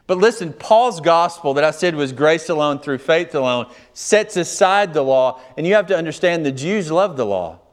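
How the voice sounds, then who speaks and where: Emphatic preacher, a man with higher pitch. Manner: emphatic, rising and falling in volume; reads scripture aloud and explains it. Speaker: pastor. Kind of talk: sermon.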